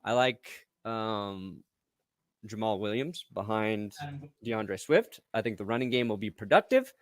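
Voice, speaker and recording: Animated young man talking football. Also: fairly low pitch, a little slow, no room sound, studio quality. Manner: animated, joking. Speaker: podcast co-host. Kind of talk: casual sports chat.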